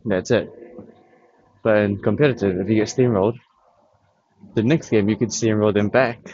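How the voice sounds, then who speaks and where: A man with a lowish voice chats about games while still catching his breath, rambling and thinking aloud with pauses. The audio is a bit dull and lo-fi. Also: darkish tone. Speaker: vlogger. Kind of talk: casual chat about games.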